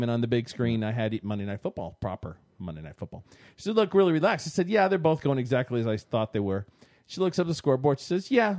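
Animated storytelling man, dry sound. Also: fairly high pitch, dry recording. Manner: animated storytelling, acting out quotes. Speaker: sports talk co-host. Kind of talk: casual sports chat.

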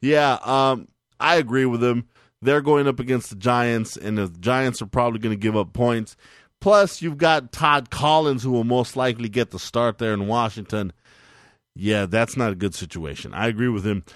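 A man's voice: medium pitch, moderate pace, no echo, clean studio sound. A man co-hosting a casual sports podcast, upbeat and leading each segment. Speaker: podcast co-host.

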